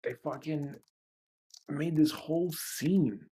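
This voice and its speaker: A man's voice: a little high, slow, dark tone, slightly rough. A man hosting a livestreamed self-help session, talking in a blunt, profane, emotionally raw way. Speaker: host of a tapping session.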